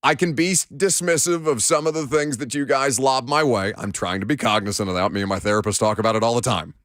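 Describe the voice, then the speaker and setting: A man's voice: medium pitch, fast, a bit bright, dry recording, studio quality. A man hosting a sports talk radio show, joking with his crew and giving blunt, opinionated takes. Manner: bantering, then blunt opinionated analysis. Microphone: studio microphone.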